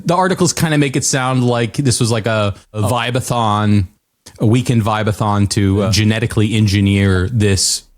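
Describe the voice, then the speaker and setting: An American man co-hosting a podcast, retelling a news story in casual chat with frequent hesitations. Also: fairly low pitch. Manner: hesitant storytelling with many fillers and restarts. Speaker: podcast co-host.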